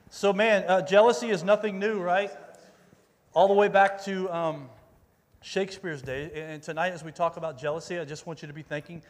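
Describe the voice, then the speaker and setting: A male youth pastor gives a casual sermon, upbeat and chatty, and he keeps rallying the crowd. His voice sits a little higher than most men's. It rings out with the long reverb of a large meeting hall. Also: fairly even intonation, moderate pace. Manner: upbeat, rallies the audience, calls out for volunteers. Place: church meeting room with an audience.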